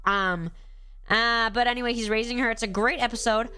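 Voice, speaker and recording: A congested woman chatting casually on a live stream, animated and gushing as she ranks episodes and acts out quoted lines. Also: a little high, fairly quick, soft background music.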